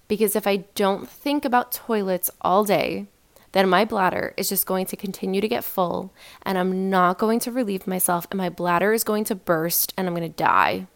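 Woman podcast host, solo casual monologue, emphatic, filler-heavy, middle-pitched voice. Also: moderate pace. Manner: chatty and emphatic, many fillers and rhetorical questions.

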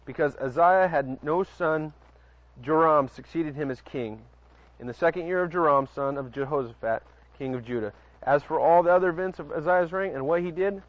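A man's voice: fairly high pitch, moderate pace, dry recording. A man preaching casually, reading Bible passages aloud, often stumbling over words and adding chatty asides to his listeners. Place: outdoors at night near a porch. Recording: dull lo-fi recording.

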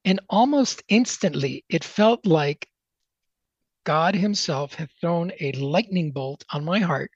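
A man's voice: fairly high pitch, animated, slow pace, dry recording, dull audio. Emphatic man telling his story. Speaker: guest. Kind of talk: motivational storytelling.

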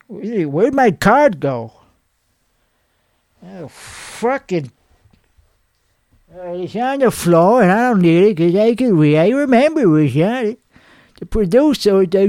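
A man playing a crude, boastful male singer, talking in a hoarse voice with a rambling, profane, cocky manner in a comedic character monologue. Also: sits high, darkish tone, no room sound, studio quality. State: hoarse from singing.

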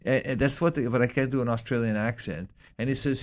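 A man co-hosting a casual talk show, rambling and excitable, with many restarts and repeated words. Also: medium pitch, fast talker, few pauses. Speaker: co-host.

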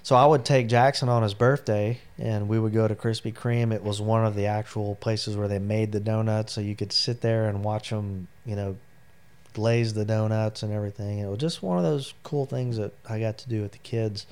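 A man's voice: fairly low pitch, steady tone, normal speed, darkish tone, smooth. A middle-aged man, a military veteran, telling personal stories as an interview guest in a rambling, heartfelt way with many fillers. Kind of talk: personal storytelling in a long interview.

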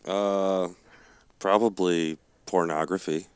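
A man guesting on a podcast, joking along in casual chat with quick reactions. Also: low-pitched, fairly even intonation, smooth.

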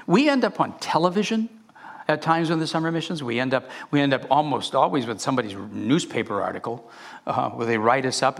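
A man's voice: a little high, a bit bright. A male pastor preaching a sermon in an impassioned way, often repeating and restarting phrases.

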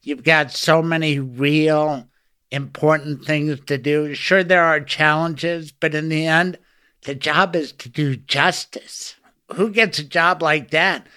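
A man's voice: on the high side, fairly even intonation, slow, pushed and bright, clean tone. A man hosting a lawyers' podcast, chatting enthusiastically with his guest in a casual interview. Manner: enthusiastic, talkative.

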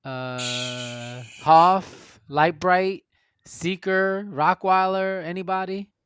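A man with a smooth, clear voice and slightly higher pitch leads a casual group voice chat. He calls out options and counts votes in an upbeat way. The sound is close and dry. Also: measured pace, a bit bright, dry recording. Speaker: host running a movie vote.

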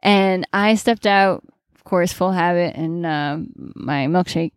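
A low-pitched woman, a religious sister, co-hosting a casual talk podcast. She tells stories with lively jumps into quoted voices, and her voice sits close and dry on the mic. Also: takes it slowly, smooth, dry recording. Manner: animated storyteller, big jumps into quoted voices. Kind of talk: casual chat and prayer.

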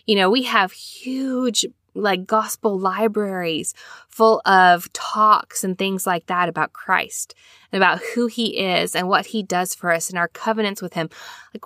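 A chatty woman host who talks fast and sprinkles "like" throughout her casual study talk. Her voice is bright and forward, and it sounds close and dry with no room around it. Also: medium pitch, no echo. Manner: fast-talking, chatty, peppered with "like". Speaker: podcast host.

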